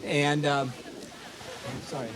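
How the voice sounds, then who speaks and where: A man giving a folksy, halting wedding toast at a reception, telling a joke with many fillers. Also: fairly high pitch, little pitch movement, background noise. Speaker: wedding toast speaker, family of the bride.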